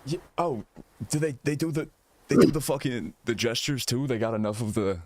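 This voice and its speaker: A man's voice: mid-range voice, normal speed, darkish tone. A man streaming, chatting casually and reacting with slang and laughter.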